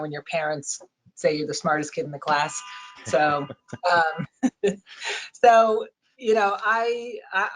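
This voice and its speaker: A woman, a real estate lawyer, speaking on a panel in a halting, hesitant way with many fillers. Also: low-pitched, rough recording. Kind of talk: conversational panel talk.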